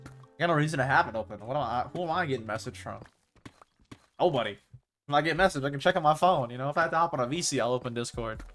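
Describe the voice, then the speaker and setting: A man's voice: medium pitch, fast, a bit bright, faint music behind. A young man chatting casually with his viewers while playing, rambling and slangy. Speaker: streamer. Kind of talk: casual gaming stream chat.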